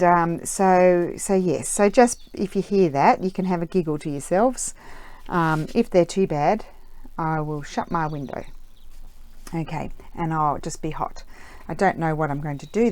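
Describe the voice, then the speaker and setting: Woman craft vlogger, low-ish pitch, casual rambling chat full of fillers, home room. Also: normal speed, a little mellow. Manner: rambling, chatty, many ums and uhs. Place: room at home with window open.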